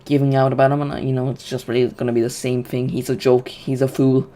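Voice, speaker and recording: A man hosting a live football watch-along, chatty and excitable, often restarting his sentences. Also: mid-range voice, fast.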